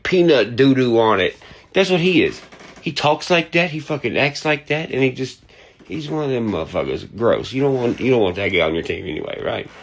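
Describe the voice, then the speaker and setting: A man's voice: medium pitch, gravelly. A man ranting profanely and heatedly, mocking others and breaking into hummed sound effects.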